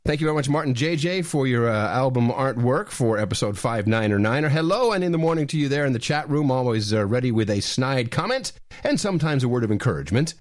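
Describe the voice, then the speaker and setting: A man co-hosting a talk podcast in casual chat, emphatic and animated, often repeating words as he gets going. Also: mid-range voice, fast, no room sound, clean studio sound. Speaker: podcast co-host.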